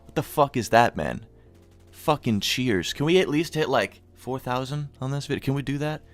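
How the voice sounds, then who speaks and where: Profane young stoner vlogger. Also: male voice, mid-range voice, expressive, normal speed, soft background music. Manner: loose, profane, stoner slang. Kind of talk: casual storytime commentary.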